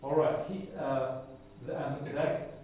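A man's voice: mid-range voice, fairly even intonation, slow pace, mellow, a little hiss or hum. A man teaching a Bible class in a chatty way, with playful asides and mock voices. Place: chapel classroom. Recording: echoey room from a distant mic.

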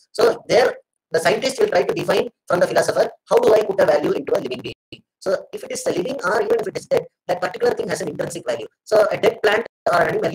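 This middle-aged Indian man has a high, slightly mellow voice, captured in poor audio, as he gives an earnest online lecture open to audience questions. He repeats his phrases and speaks to listeners as sir and madam.

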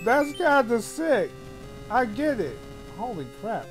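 Young male streamer, excitable, laughs and yells a lot, very unhurried delivery, faint game music behind. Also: very high-pitched. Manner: excitable, laughs often, yells when surprised. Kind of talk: casual live-stream commentary.

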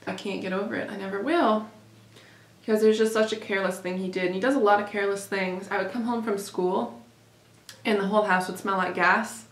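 A woman's voice: mid-range voice, steady tone, brisk. A young woman vlogging a casual storytime, rambling with lots of "like" and swearing when she gets heated. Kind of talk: storytime vlog. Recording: roomy echo.

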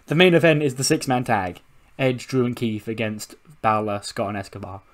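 Man, video game commentator, laid-back, casual, mid-pitched voice. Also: normal speed. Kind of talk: casual let's-play narration.

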